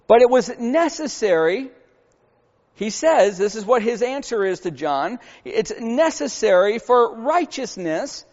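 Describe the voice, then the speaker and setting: A man with a high voice preaches a sermon, earnest and emphatic, pressing his points with rhetorical questions. His voice rings with a long reverb in a church hall, and the recording sounds dull and lo-fi. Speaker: pastor.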